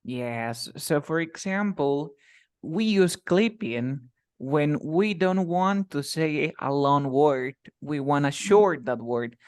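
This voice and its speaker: A man's voice: fairly high pitch, lively intonation, takes it slowly, clean tone, no echo, studio quality. A man whose first language is Spanish, teaching an English lesson in a casual style and explaining with many examples and repetitions.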